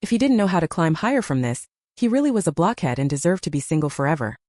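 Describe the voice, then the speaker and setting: A woman's voice: low voice, expressive, quick pace, darkish tone, dry recording, clean studio sound. A woman narrating a romance novel in a scripted storytelling manner.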